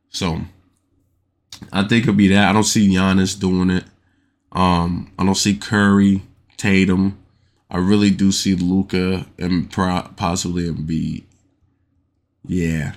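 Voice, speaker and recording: A man's voice: low voice, fairly bright tone. A man hosting a casual solo podcast, talking loosely with lots of slang, repeating himself and getting worked up as he argues his points. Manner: loose and slangy, keeps asking "you know what I'm saying". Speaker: podcast host.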